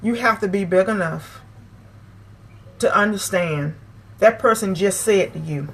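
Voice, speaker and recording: A vlog host lectures her viewers on camera, giving preachy advice in a medium-pitched voice at a measured pace with long pauses. She's emphatic, repeating phrases to hammer her point home.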